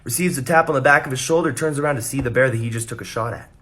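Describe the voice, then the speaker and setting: Young male comic, deadpan storyteller, crude one-liners, mid-range voice. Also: medium pitch. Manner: deadpan storytelling, quick dirty punchlines. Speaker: comedy creator. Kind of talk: joke telling to camera.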